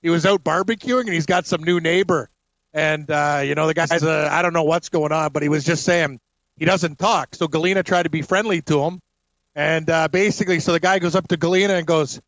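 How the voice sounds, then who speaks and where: A man hosting a sports talk radio show, telling stories in a lively, joking way. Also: fairly high pitch, fairly quick, no room sound. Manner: animated storyteller, laughs often.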